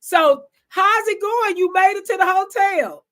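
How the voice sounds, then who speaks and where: A high-voiced woman hosts a casual online conversation. She talks in a chatty, animated way, speaking straight to her audience over a video call. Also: unhurried. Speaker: host. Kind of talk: casual live-stream chat.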